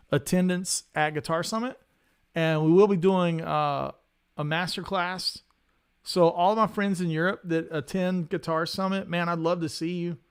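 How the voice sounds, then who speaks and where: A man, hosting a casual guitar livestream, talking in an animated, rambling way and often repeating his words. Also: fairly high pitch, clean tone. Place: home studio.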